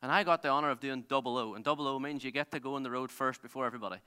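A man preaching a sermon as pastor, telling stories in an animated way with many restarts. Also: medium pitch, rapid-fire, clear, resonant tone. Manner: animated storytelling, self-interrupting with restarts and laughs. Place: large theatre used as a church. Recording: long hall reverb.

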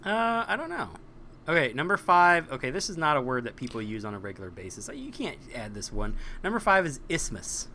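Bright-voiced man, jokey podcast chat. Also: mid-range voice, very animated, a little fast, hardly any pauses, a little hiss or hum. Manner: rambling, jokey, restarts often. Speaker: podcast co-host.

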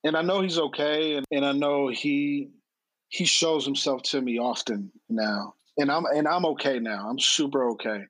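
A man's voice: medium pitch, normal speed, fairly bright tone, no room sound, rough recording. A man in his late thirties, a podcast guest telling personal stories candidly, earnest and blunt, often repeating words for emphasis. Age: late 30s.

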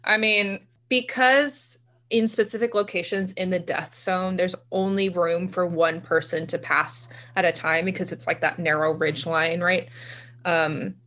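A woman's voice: on the low side, steady tone, a little slow, fairly bright tone. A woman in her thirties co-hosting a podcast, chatting casually and laughing easily. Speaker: podcast co-host.

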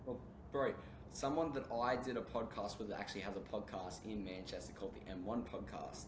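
A man's voice: lowish voice, steady tone, brisk. Laid-back male podcast host, echoey room. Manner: laid-back, peppered with "bro" and "mate". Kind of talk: casual podcast chat. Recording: echoey room with background noise.

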